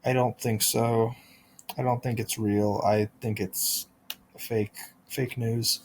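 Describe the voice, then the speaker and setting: A man hosting a podcast, delivering a rambling deadpan comic monologue full of restarts and absurd tangents. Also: medium pitch, slow, slight background noise. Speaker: podcast host.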